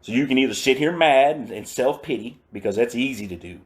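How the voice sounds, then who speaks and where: A man's voice: mid-range voice, lively intonation, a little fast. A man giving a personal recovery testimony in a casual, slangy, emphatic storytelling way. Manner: emphatic and repetitive.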